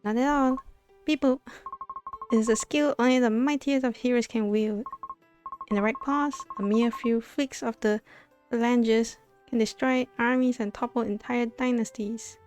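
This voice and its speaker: A woman's voice: a little high, steady tone, moderate pace, a little mellow, soft background music, voice pushed up, close to an everyday voice. A woman voicing a cheerful talking relic in a game that says beep boop. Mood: chirpy. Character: cheerful beeping talking relic, helpful and proud.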